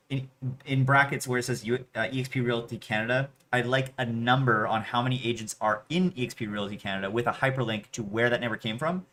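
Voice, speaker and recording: A man's voice: medium pitch, fairly bright tone, slight background noise. A man streaming his workday who mutters to himself in half-finished phrases and pleads aloud with an online chess opponent. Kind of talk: casual livestream commentary.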